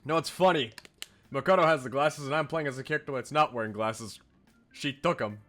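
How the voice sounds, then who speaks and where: A man's voice: mid-range voice, normal speed, pauses often, a bit bright, faint music behind. Enthusiastic young male game streamer. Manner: enthusiastic, gushing, laughs a lot. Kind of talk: casual gameplay commentary.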